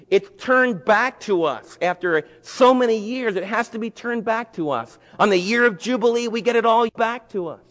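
A man voicing a steadfast farmer who earnestly refuses, a little higher than his own voice, in a large echoing hall. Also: natural voice. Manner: earnest, pleading.

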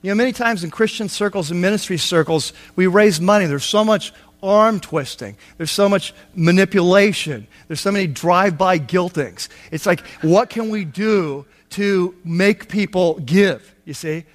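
Guy with a high voice preaching, chatty, lots of asides and acted quotes. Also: moderate pace. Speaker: pastor. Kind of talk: sermon.

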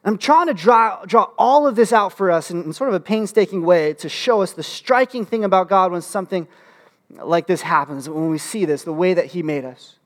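A man preaching a sermon as pastor, animated and humorous, with frequent restarts and fillers. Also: high voice, moderate pace. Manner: animated, humorous asides with rising excitement.

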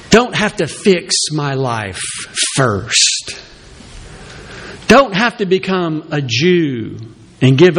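Male pastor, high and lively voice, slow deliberate sermon delivery. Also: gravelly, a little hiss or hum. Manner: animated preaching, acts out Peter's reluctant excuses in a high voice.

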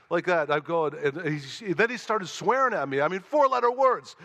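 Male preacher, animated delivery, bright tone, reverberant hall. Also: sits high, normal speed, hardly any pauses. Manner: animated storytelling, rising loud for emphasis, quiet in prayer. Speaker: pastor. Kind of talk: sermon.

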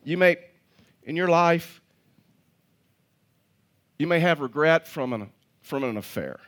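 A man's voice: fairly high pitch, animated, slow pace, a bit bright. A man preaching a sermon as a pastor, telling stories, chuckling at his own jokes and often repeating words as he restarts.

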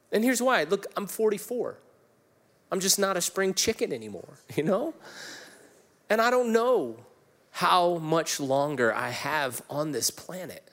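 A man's voice: high voice, expressive, unhurried, a bit bright. A pastor in his forties preaching a sermon, telling personal stories in an emotional, candid way with many fillers and restarts. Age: 40s.

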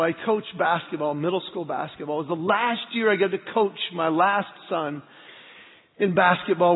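A middle-aged man, a pastor, preaching a sermon and telling personal stories in a lively, earnest way. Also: high-pitched. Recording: tinny phone-like sound with long hall reverb.

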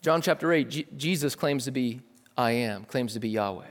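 A male pastor preaching a sermon in a casual, lively way, dropping slang asides. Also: mid-range voice, moderate pace. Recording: long hall reverb.

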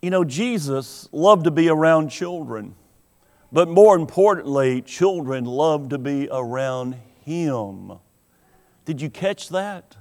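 A man's voice: fairly high pitch, animated, takes it slowly, darkish tone. A man preaching a sermon as pastor, earnest and emphatic, stretching out key words. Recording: long hall reverb.

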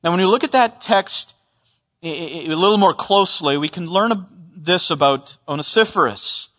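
Earnest preacher in a reverberant hall. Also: male voice, sits high, moderate pace, pushed and bright. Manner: earnest, emphatic, with frequent restarts and repeated words. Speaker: pastor. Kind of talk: expository sermon. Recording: long reverb of a large hall.

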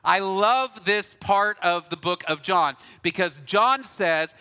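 Bright-voiced preacher in a reverberant hall. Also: male voice, high-pitched, normal speed, few pauses. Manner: storytelling, earnest, animated. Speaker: pastor. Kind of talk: sermon. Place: church auditorium.

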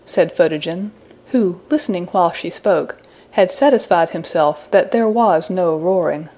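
A woman narrating a fairy tale as a scripted audiobook reading, in a measured storytelling manner. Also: fairly low pitch, a little mellow.

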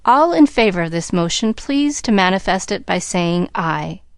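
A woman's voice: fairly low pitch, expressive, normal speed, dry recording. Woman doing an older girl, formal chair, a bit anxious, dry sound. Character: eldest sister presiding, anxious.

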